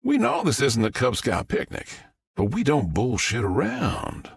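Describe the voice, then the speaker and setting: Brief: man doing cocky Southern-drawled sergeant, husky and lively, dry audiobook sound. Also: medium pitch, a little slow, no room sound, voice pushed up, exaggerated voice. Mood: swaggering. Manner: heavy twang, swaggering and dismissive. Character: brash military sergeant, man, middle-aged, confident.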